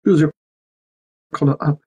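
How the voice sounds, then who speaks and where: A man's voice: normal speed, darkish tone, poor audio. A man from Algeria, a voice actor chatting playfully with fans at a live autograph session and joking in several languages. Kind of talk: casual livestream chat.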